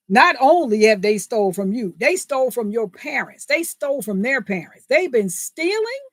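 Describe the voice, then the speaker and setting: Fired-up woman vlogging, high voice. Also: no echo, studio quality. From United States. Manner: animated, indignant, laughs mid-sentence, asks rhetorical "right?". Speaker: vlogger, channel host. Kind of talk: casual opinion monologue to viewers.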